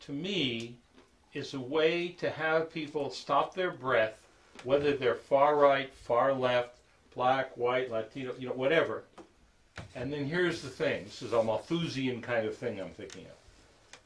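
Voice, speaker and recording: Halting man telling a story to a group. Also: mid-range voice, poor audio. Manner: halting, many fillers, acts out quoted lines. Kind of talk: casual spoken storytelling.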